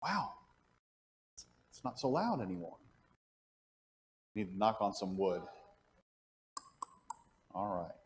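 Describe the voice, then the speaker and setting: A man leads an adult Bible class in a church classroom. His pitch rises and falls with a lively range. He poses questions to the room and answers them himself, and he often stumbles and restarts as he thinks. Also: slow, long pauses, slight background noise. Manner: thinks aloud with frequent restarts. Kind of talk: Sunday morning Bible class teaching.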